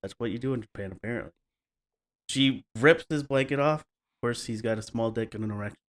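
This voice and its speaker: A man's voice: mid-range voice, fairly quick. A man hosting a podcast, retelling stories in a casual, wry way and slipping into playful mock voices. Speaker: podcast host.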